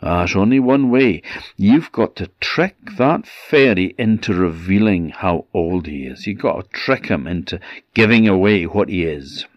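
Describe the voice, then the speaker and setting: A man's voice: deep voice, lively intonation, measured pace, dry recording. A man voicing a wise old village tailor in a folk tale, grave and confiding. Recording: dull, dry recording.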